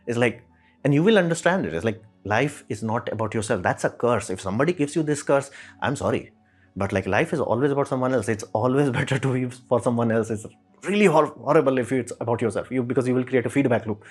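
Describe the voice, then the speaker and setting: A man's voice: medium pitch, expressive, quick pace. Rambling man with faint music behind. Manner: rambling, repeats "it's like", fillers. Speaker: commentator. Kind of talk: casual opinion monologue.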